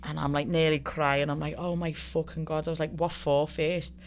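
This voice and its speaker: Speaking with a Scouse accent, this Liverpool woman in her thirties is a professional fighter guesting on a relaxed chat, where she spins stories, curses freely and performs the quotes. Her voice is low-pitched at normal speed, with slight hiss or hum in the audio.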